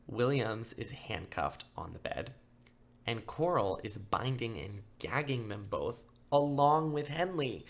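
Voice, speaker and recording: Gravelly young man telling a crime story. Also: mid-range voice. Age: young adult. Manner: casual, filler-heavy, acts out quotes in flat mock voices. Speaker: podcast host. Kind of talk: casual true-crime storytelling.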